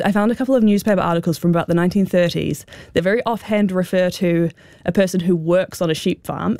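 A woman's voice: lowish voice, gravelly, darkish tone, no echo. A woman with a New Zealand accent, a guest expert explaining slang in a radio interview, talking with many fillers like "sort of" and "um".

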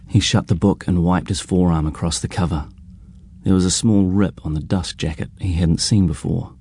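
Deep, husky male narrator. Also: steady tone, normal speed, mellow, no room sound. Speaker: audiobook narrator. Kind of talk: scripted narration.

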